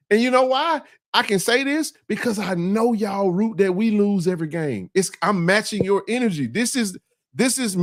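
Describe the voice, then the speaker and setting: A sports talk show host with a bright, high speaking voice keeps things casual, full of repetition and playful trash talk. The recording is close and dry, with no room sound.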